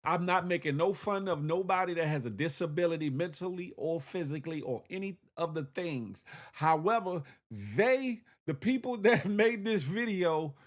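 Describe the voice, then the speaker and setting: A man hosting a casual livestream, shouting out viewers by name in slangy, animated talk with lots of repeated phrases and "huh?". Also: high-pitched, moderate pace. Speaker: livestream host.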